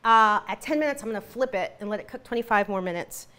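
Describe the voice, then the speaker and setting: A woman's voice: medium pitch, fast, bright, forceful tone. A woman hosting a live cooking demonstration, chatty and giggly. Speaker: cooking show host.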